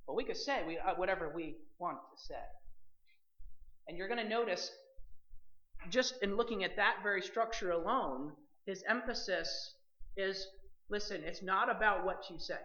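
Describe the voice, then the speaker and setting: A preacher gives a sermon in a bright, forceful voice, pressing each point with emphasis and speaking straight to the listeners. The recording is dull and lo-fi, with the top end muffled. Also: mid-range voice, normal speed. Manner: emphatic, addresses listeners directly as believers.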